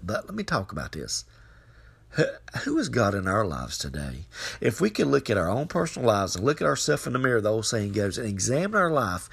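A man's voice: gravelly, fairly bright tone, slightly rough. A man preaching a devotional podcast sermon, repeating phrases and growing fervent as he urges listeners on. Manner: repetitive, fervent, rising pitch when exhorting.

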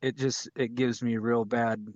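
A man quoting a reticent young woman in a flat, matter-of-fact voice, close to his own. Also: mid-range voice, measured pace, dry recording, highs cut off, lightly acted.

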